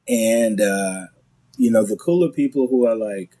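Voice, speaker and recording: A guest comedian chats casually on a podcast, an animated storyteller who restarts quickly and acts out quotes. His voice is mid-range, and the recording quality is low.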